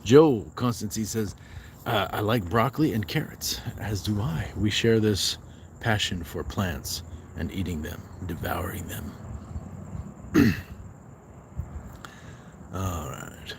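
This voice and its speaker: A man's voice: on the low side, slow pace, pauses often, noisy background. A man hosting a fitness livestream, chatting casually outdoors at night while resting on a walk and reading viewer comments aloud.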